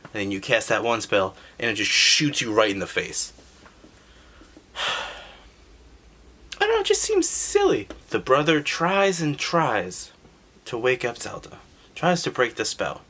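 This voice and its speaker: A man's voice: medium pitch, moderate pace, slight background noise. A man hosting a casual, sarcastic recap of an old video game story, joking and swearing as he goes. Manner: sarcastic, animated, profane. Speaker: gaming history channel host.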